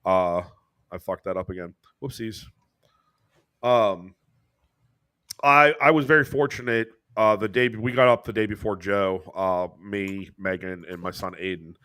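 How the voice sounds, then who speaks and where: Brief: American podcast co-host, mid pitch, casual and animated, curses freely, goes high when quoting people. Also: male voice, a little slow, clear, resonant tone. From United States. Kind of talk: casual storytelling chat.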